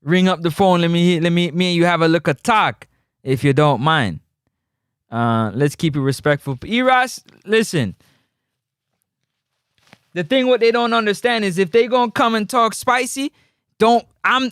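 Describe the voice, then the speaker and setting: A man hosting a live call-in football show, teasing and animated in his street slang. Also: high-pitched, a little slow, smooth, no room sound, studio quality. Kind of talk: casual live sports talk.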